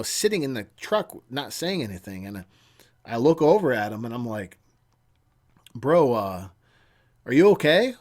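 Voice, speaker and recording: A man in his thirties, a channel host, telling a personal story in a casual, earnest way, halting at times and often dropping to a hushed tone. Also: medium pitch.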